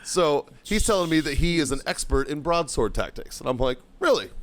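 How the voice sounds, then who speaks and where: Podcast host, male, slightly raised pitch; swearing, laughing raconteur. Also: fairly quick. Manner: swears constantly, laughs through his own story. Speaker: podcast host telling a story. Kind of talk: casual profane storytelling.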